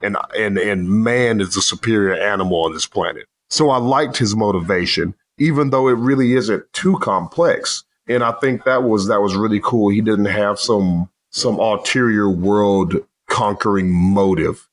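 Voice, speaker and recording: A man casually discussing a movie in a rambling, animated way, swearing now and then. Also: fairly low pitch, normal speed, hardly any pauses.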